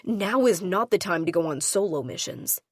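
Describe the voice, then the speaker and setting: A woman voicing a stern male pack member in an audiobook, speaking in a sharp, demanding way. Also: fairly low pitch, expressive, moderate pace, breathy edge, no echo, studio quality.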